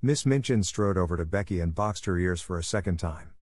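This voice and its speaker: A man narrating a classic novel as an audiobook in a steady, even telling. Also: low-pitched, brisk, no echo, clean studio sound.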